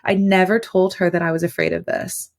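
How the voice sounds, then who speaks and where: A woman's voice: fairly low pitch, flat delivery, fairly quick, vocal fry. A woman guest on a podcast, telling a personal story in a rambling, casual way, full of fillers and restarts.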